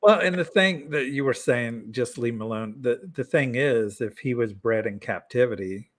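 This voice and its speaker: A man co-hosting a casual chat show, speaking in an easygoing, halting way with stammered restarts. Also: mid-range voice. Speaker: co-host.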